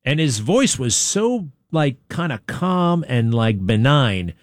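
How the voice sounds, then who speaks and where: A man's voice: mid-range voice, sing-song, takes it slowly, no room sound. A man hosting a talk radio show, rambling casually and asking his studio crew questions.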